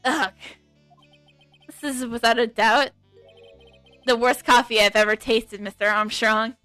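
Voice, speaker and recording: A woman's voice: on the high side, fairly even intonation, a little slow, pushed and bright, dry recording, soft background music. Woman doing a dry sardonic male prosecutor.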